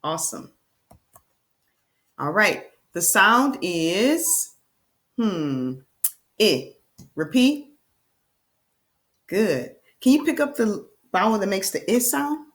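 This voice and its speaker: A woman teacher giving a reading lesson to young children, with slow, enthusiastic, sing-song prompts. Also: medium pitch, big pitch swings, fairly bright tone.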